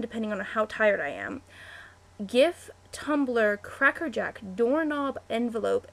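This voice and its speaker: A woman's voice: on the high side, vocal fry. A chatty young woman, answering a word-list meme on webcam, easily distracted and full of "like" and "um". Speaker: vlogger.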